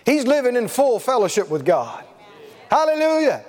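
Brief: middle-aged preacher man, very high, lively storyteller, long echoing hall. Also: moderate pace. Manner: animated storytelling, chuckling. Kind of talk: sermon.

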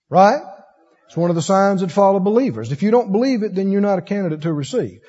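A man's voice: high voice, breathy edge. A man preaching a sermon, telling stories animatedly and acting out the voices in them. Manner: animated storytelling, acts out voices, laughs often. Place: church. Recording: dull echoey church hall recording.

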